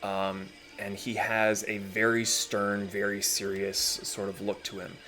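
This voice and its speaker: Low-voiced man running a tabletop game. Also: measured pace, slight background noise. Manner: relaxed, descriptive, many fillers. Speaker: dungeon master.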